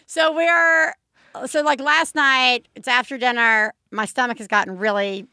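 A woman in her thirties, a podcast co-host, telling a story in casual chat, animated and full of "like". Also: sits high, moderate pace, smooth, dry recording.

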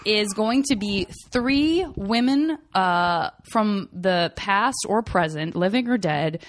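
A woman hosting a podcast, talking in an earnest, animated way. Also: mid-range voice, slow. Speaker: podcast host. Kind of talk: casual chat.

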